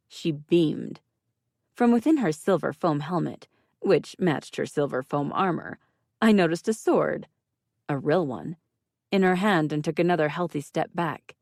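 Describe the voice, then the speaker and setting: A woman's voice: deep voice, measured pace, creaky, a little mellow, no echo. A woman narrating an audiobook in the first person with a dry, wry delivery.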